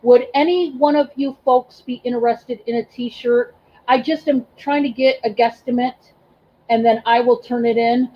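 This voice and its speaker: A woman's voice: on the high side, fairly even intonation, dull audio. Effusive woman hosting a livestream. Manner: emotional, effusive, thanks chat by name; halting, many ums and restarts. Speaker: livestream host and reseller. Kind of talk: casual livestream chat.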